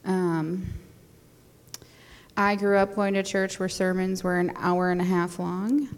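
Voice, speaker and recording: A woman's voice: fairly low pitch, fairly even intonation, slow pace, long reverb tail. A young adult woman chatting casually as a guest, rambling with fillers and little laughs. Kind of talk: casual conversation.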